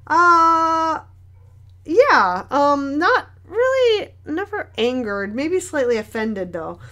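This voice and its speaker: A woman's voice: high voice, very animated, slow pace, pushed and bright. Chatty young woman artist, rambling. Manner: chatty, rambling, lots of "like" and "um", laughs easily. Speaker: artist hosting a paint-along. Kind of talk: casual chat answering viewer questions while painting.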